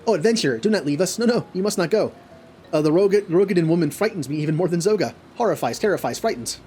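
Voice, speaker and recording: A man's voice: high voice, lively intonation, dark tone, soft background music, pitched above the performer's own voice. A man reading as a whimpering kobold. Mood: fearful. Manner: halting reading with stumbles. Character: cowering, whining male kobold who repeats himself.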